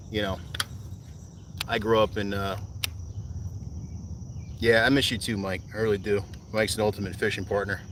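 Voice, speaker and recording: A laid-back man from New Jersey talks to his viewers as he fishes from a kayak, rambling loosely between tasks. His voice sits on the low side. Clear outdoor noise with insects hums behind him. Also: fairly bright tone, recorded from a distance. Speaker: fishing streamer. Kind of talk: casual live-stream chat.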